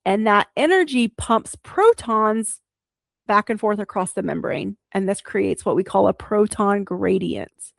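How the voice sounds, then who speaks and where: A woman's voice: mid-range voice, expressive, measured pace, vocal fry, no echo, clean studio sound. A female podcast host, explaining biology plainly in a casual, chatty solo talk.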